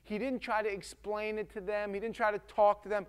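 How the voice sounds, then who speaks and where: A male preacher giving a casual, emphatic sermon that swings from loud to hushed. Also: high-pitched, little pitch movement, fairly quick, clear, resonant tone.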